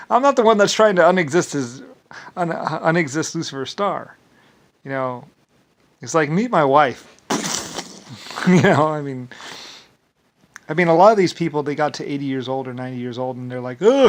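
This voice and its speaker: A man's voice: a little high, normal speed, pauses often. A man vlogging in a rambling casual monologue, full of filler words and repeated words, with dismissive shrugging asides.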